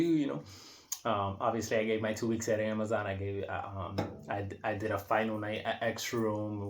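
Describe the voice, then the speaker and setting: A man in his thirties talking casually and reflectively in an unscripted monologue, rambling with many restarts and fillers. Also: fairly low pitch. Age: 30s. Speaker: vlogger. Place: indoor room.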